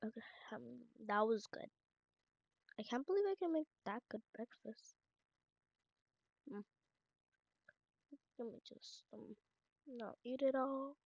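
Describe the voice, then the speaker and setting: A woman's voice: a little high, slow pace, creaky, long pauses, a little mellow, no echo. Chatty woman host narrating a casual game story; dry, dull lo-fi home recording. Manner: chatty, rambling, talks aloud as she plays. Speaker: channel host. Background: family noise in the home.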